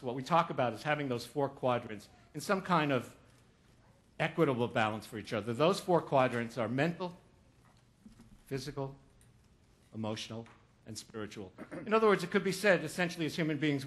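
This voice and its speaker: A man's voice: mid-range voice, expressive, brisk, fairly bright tone. A man giving a humorous keynote talk on stage, telling a story with jokes and acting out what people said. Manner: storytelling with jokes, acts out quotes. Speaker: motivational speaker.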